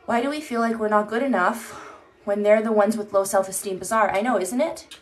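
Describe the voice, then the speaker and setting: A woman's voice: mid-range voice, steady tone, fairly quick. A woman chatting candidly on a live stream into her phone, rambling and swearing casually as she reads comments.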